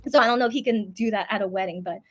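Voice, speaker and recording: A young adult woman hosting a casual livestream, telling a story in an animated way, full of fillers and repeated words. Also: mid-range voice. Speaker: livestream host. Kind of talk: casual live-stream chat.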